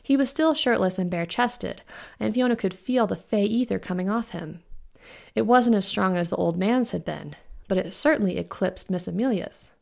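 A woman, the author, reading her own fantasy novella aloud in an even, unhurried storytelling manner. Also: mid-range voice, vocal fry. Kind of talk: audiobook-style fiction narration.

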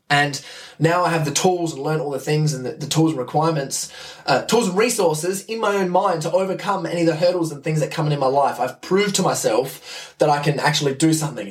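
An enthusiastic young man rambles through a casual podcast monologue, swearing freely and restarting his sentences. His voice sits a little high for a man and comes from slightly off the mic. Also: distant mic. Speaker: podcast host.

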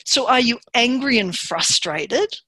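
A woman giving a workshop presentation in a calm, measured and encouraging way. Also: a little high, slightly rough, no room sound.

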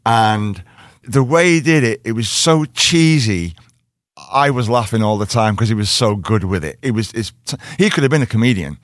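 A man with a Liverpool accent telling an animated story as a guest and acting out the quotes in other voices. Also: fairly low pitch, moderate pace, no echo, clean studio sound. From Liverpool, England. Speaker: actor guest. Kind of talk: casual chat, storytelling.

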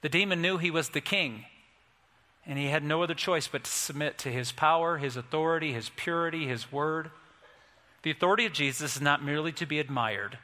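A male pastor preaching a sermon, emphatic and storytelling, building to forceful peaks. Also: fairly high pitch, brisk. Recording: long hall reverb.

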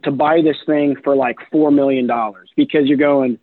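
A man's voice: medium pitch, normal speed, no echo. A man telling stories about his career in a casual interview, full of fillers and acted-out dialogue. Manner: chatty, animated, many fillers like "you know" and "right". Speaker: guest, real estate investor. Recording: tinny phone-like line, dry.

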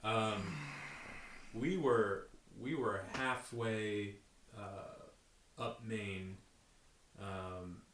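A man with a bright, forceful voice in casual chat, talking in eager bursts and laughing often. He sounds a little low-pitched, and the room around him is echoey with a faint hiss. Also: extremely slow, long pauses. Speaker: conversation partner.

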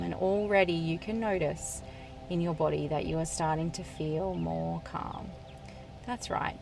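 A woman podcast host and certified hypnotherapist guiding a relaxation hypnosis with slow, soothing, repetitive cues. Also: fairly low pitch. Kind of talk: guided hypnosis.

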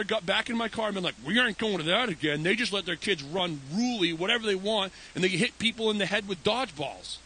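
A man's voice: high voice, low-quality recording. A man preaching a sermon as pastor, telling stories and acting out voices as he goes. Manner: animated, acts out voices in anecdotes. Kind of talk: storytelling sermon. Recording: faint hiss.

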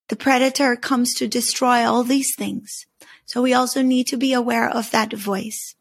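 Earnest woman with a gravelly, husky voice. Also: fairly high pitch, fairly even intonation. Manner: earnest, measured, slow deliberate emphasis. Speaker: podcast host teaching on story symbols. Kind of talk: reflective spoken teaching.

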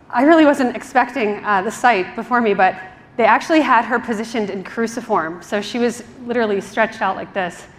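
A religious sister giving a conference keynote, telling stories with acted-out quotes and laughter, then praying in a hushed, soft voice. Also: female voice, on the high side. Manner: animated storyteller who acts out quotes, laughing often, then hushed and soft in prayer. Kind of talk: conference keynote with storytelling and prayer. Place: large conference hall. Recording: reverberant large hall.

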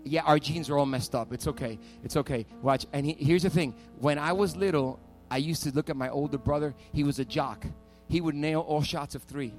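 Animated preaching man over faint music. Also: on the high side, brisk, few pauses. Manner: animated storytelling, rising to loud preaching. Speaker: pastor. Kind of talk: sermon.

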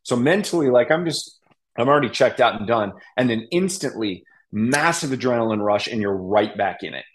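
A young man telling a hunting story in a casual podcast chat, animated and laughing, acting out what others said. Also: medium pitch, moderate pace. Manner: animated, laughing, acts out quotes. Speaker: podcast guest.

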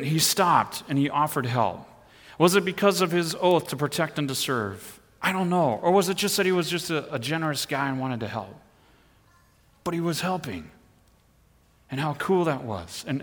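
A middle-aged man preaching a sermon, telling a personal story in an animated way and pushing harder at the exciting moments. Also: fairly high pitch, in a large hall. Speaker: pastor.

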